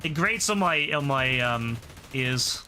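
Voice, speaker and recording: A man's voice: medium pitch, animated, slow, sharp tone, a little hiss or hum. A young man chatting bluntly while gaming, swearing freely and rambling through his opinions. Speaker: gaming streamer. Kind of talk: casual chat while gaming.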